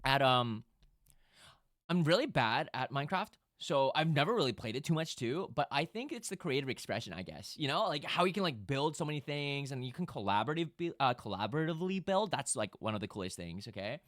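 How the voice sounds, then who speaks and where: A man streaming live, chatting casually with his audience and breaking into loud bursts of laughter. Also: mid-range voice, very animated, a little fast, dry recording, studio quality.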